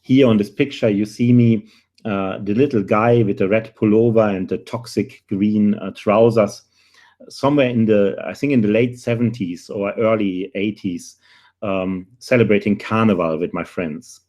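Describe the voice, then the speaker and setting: A man in his forties with a German accent, presenting a live career webinar in an earnest way, with dry humor and frequent filler pauses. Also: fairly low pitch, warm tone. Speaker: webinar host, career recruiter.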